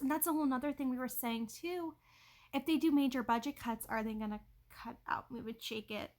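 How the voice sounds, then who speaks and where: High-voiced woman rambling on a home livestream. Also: moderate pace. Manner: rambling, chatty, lots of likes and ums; greets chat viewers by name. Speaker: livestream host. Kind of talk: casual livestream chat.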